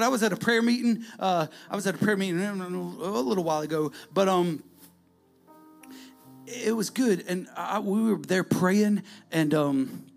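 A man preaching a sermon, swinging from loud calls to near-whispers. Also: high voice, gravelly.

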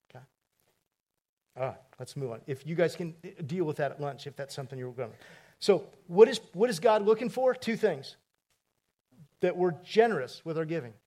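A man's voice: on the high side, darkish tone. A man preaching a sermon as pastor, telling stories in a conversational way with asides to the congregation.

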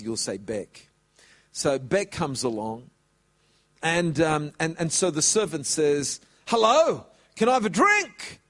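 A man preaching a sermon, telling a story and stretching out words for emphasis. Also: a little high. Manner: animated, drawn-out emphasis.

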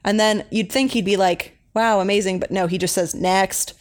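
A woman's voice: mid-range voice, fairly quick, a little mellow. A young woman co-hosting a podcast, chatting casually and rambling with lots of fillers as she recaps an episode. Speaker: podcast co-host.

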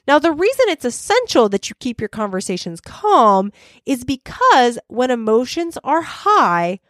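A woman's voice: a little high, dry recording, clean studio sound. A young adult woman hosting a podcast, talking earnestly and telling stories in a scripted monologue. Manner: earnest, animated storytelling. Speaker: podcast host and volunteer trainer.

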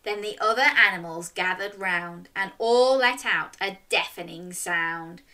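Speaking straight to young children, a young woman runs games and reads them a story with plenty of animation. Her pitch is medium and her pace measured.

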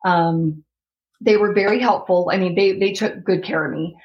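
Female guest, 30s, lower voice, animated storyteller. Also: moderate pace, dull audio. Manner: animated, reenacts her own past words. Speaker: interview guest. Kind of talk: emotional personal story.

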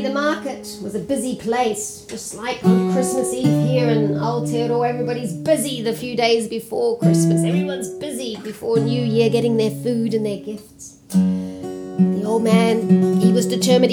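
Expressive New woman storyteller. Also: a little high. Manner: expressive, varied, sometimes sing-song. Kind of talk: storytelling for children.

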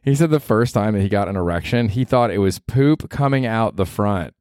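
A man's voice: fairly low pitch, animated, moderate pace, darkish tone, clear, resonant tone. A young man hosting a casual solo podcast from his small apartment, rambling and cursing and laughing at himself often. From United States. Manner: rambling, profane, self-deprecating, laughs often. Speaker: podcast host.

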